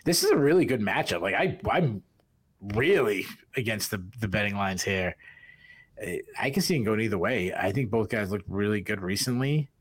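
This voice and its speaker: Boston-accented male podcast co-host, lower pitch, rambling casual fight talk. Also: expressive, moderate pace, slightly rough. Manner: rambling, many restarts and fillers. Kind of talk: casual fight analysis chat.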